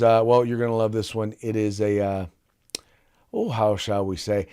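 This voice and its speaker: A man's voice: on the low side, flat delivery, moderate pace, mellow, smooth. A man hosting a podcast in casual political commentary, chatty and teasing with many restarts and asides. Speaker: podcast host.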